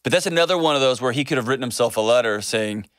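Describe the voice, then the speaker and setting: A man's voice: mid-range voice, animated, rapid-fire, a bit bright, clean tone, no echo, studio quality. A man hosting a relationship advice show, talking earnestly and acting out quoted lines in casual on-air chat.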